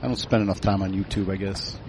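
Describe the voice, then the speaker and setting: A man with a lowish voice recaps scenes in a dry, wry way while co-hosting a podcast. He trades casual jokes with friends. A faint hiss sits under the recording. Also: fairly even intonation, fast talker, darkish tone. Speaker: podcast co-host. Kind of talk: casual banter among friends.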